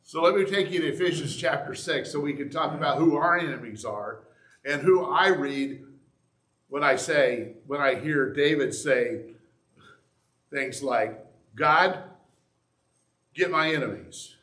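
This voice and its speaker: In an echoey church sanctuary, a man gives a sermon in a fairly high, fairly bright voice at a slightly slow pace. The pastor preaches conversationally, wandering into asides and starting sentences over.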